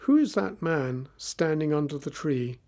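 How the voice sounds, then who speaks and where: A clever young bride questions a stranger firmly, voiced by a male narrator. The voice stays his own, slightly high. It is calm storybook reading. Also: measured pace. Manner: firm, questioning.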